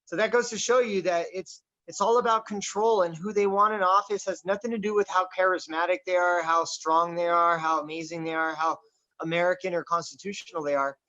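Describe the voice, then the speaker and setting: A man hosting a casual political chat, talking in a boisterous, loud and animated way. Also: high voice, brisk. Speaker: podcast host. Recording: dull lo-fi recording.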